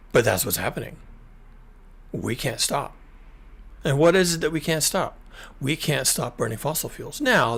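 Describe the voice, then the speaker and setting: A middle-aged American man hosts his own screen-share commentary, pressing his points through repetition and restarts. His voice sits a bit high for a man, with a gravelly fry and a husky, rough edge. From United States. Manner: emphatic, repetitive, with frequent restarts. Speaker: climate commentary channel host.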